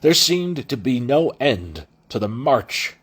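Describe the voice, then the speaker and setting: A man's voice: mid-range voice, big pitch swings, slow pace, slightly rough. A man reading a novel aloud as an amateur audiobook narrator, with frequent restarts and self-corrections. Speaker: audiobook reader.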